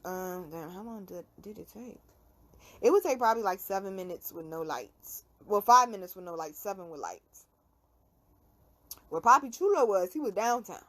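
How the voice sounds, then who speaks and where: A young woman hosting a casual talk show, telling a story in an animated, slangy, profane way. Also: mid-range voice. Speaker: podcast host.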